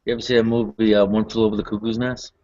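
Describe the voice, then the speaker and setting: A laid-back man chatting casually and asking easygoing questions. His voice is on the low side. The audio is slightly dull and muffled. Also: little pitch movement, racing, mellow. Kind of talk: casual chat.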